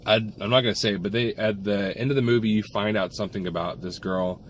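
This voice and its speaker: Male co-host, low pitch, rambling casual review delivery with lots of fillers. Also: steady tone, fast talker, a little hiss or hum. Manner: rambling, many restarts and fillers. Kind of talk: casual film review chat.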